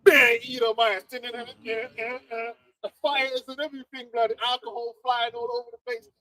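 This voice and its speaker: A young man, chatting casually and preaching in a lively, slangy way with frequent laughter. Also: very high voice, measured pace, rough recording. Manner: animated, slangy, laughing often. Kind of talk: casual chat.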